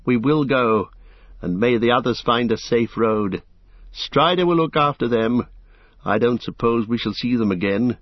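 A man reading aloud and voicing a gentle but resolute young male hobbit, kindly yet firm and measured. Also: mid-range voice, animated, no echo. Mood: warm. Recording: dull lo-fi dry recording.

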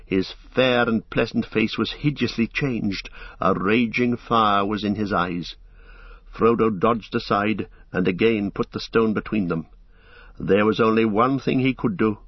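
A man reading an audiobook as narrator, in measured, even storytelling. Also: on the low side, husky, dry recording. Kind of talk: scripted narration. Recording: slightly dull lo-fi recording.

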